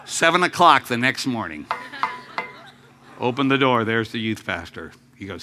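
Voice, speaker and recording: A man preaching a sermon as a story, acting out voices with laughs and sudden shouts. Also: mid-range voice, normal speed, a little hiss or hum.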